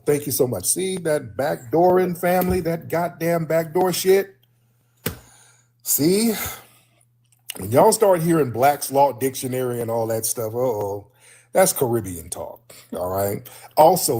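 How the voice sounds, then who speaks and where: A man's voice: medium pitch, warm tone, husky. A man hosting a call-in livestream, talking in an emphatic way and repeating his points for his listeners. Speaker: host.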